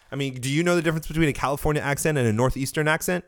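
A man's voice: fairly high pitch, racing, dry recording. A man hosting a solo podcast, talking casually and thinking aloud while getting over a cold, with a dry throat. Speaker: podcast host.

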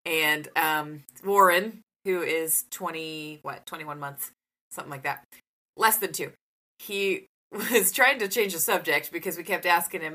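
Woman co-host, bright voice, animated casual storyteller. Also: unhurried. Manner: animated storytelling, high-pitched when quoting a toddler. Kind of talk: casual chat.

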